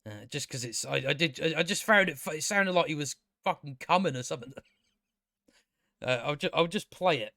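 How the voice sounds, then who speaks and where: A man's voice: fairly high pitch, animated, a little fast, bright, forceful tone, dry recording, clean studio sound. A man giving a casual, ranting review of a show, blunt, sarcastic and profane, often restarting his sentences.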